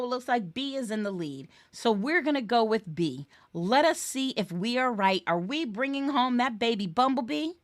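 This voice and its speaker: A woman with a slightly high voice and no echo tutors real estate exam questions during a live webinar. She's playful and chatty, singing snippets and cheering along the way.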